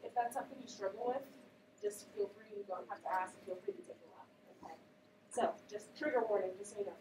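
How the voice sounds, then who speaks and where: A woman teaching a class, questioning her students in an animated way. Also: mid-range voice, fast. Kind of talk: classroom read-aloud and discussion. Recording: echoey classroom, voice from a distance, faint background noise.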